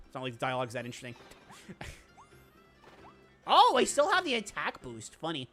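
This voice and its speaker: A speedrunner giving excitable, rambling commentary over gameplay, with quick laughs and self-interruptions. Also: medium pitch, faint music behind. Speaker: speedrunner streamer.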